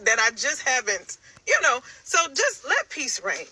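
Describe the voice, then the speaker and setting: Bright teasing American woman. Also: a little high, very animated, moderate pace, a little hiss or hum, rough recording. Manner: teasing, giggly, playfully condescending. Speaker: TikTok creator replying. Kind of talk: casual response video.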